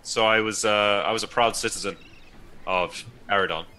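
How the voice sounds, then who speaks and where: Low voiced guy playing a wizard in a tabletop game, crisp bright tone, lots of ums. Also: steady tone, moderate pace, slight background noise. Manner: earnest, hesitant with fillers. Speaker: player. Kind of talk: tabletop role-play.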